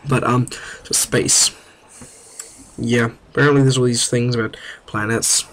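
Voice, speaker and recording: Young New Zealand guy, chatty and self-mocking, amateur gameplay commentary, mid pitch. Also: fairly even intonation, normal speed, pauses often, a bit bright.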